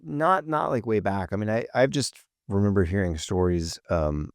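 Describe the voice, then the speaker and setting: A man co-hosting a podcast with a low, gravelly voice. He rambles casually through his thoughts with plenty of fillers and restarts, and the recording is close and dry. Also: moderate pace, dry recording. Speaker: podcast co-host. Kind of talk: casual chat.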